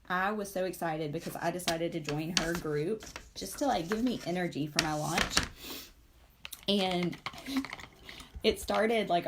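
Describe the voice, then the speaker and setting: A woman's voice: fairly low pitch, slight background noise. A woman, in her forties, hosting a casual live stream while she paints, rambling with many fillers and asides to her viewers.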